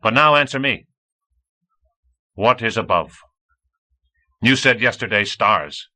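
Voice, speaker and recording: A man reading an audiobook, voicing a strange boy raised by aliens who asks excited, childlike questions. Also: fairly low pitch, slow pace, full character voice. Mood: eager.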